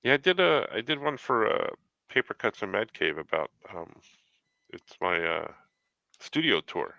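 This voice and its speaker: A man with a very low, gravelly voice that still has a bright, forceful edge, chatting easily on a livestream. He talks in an unhurried, halting way and often trails off mid-thought. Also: big pitch swings, dry recording. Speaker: cartoonist guest on a livestream. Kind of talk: casual chat.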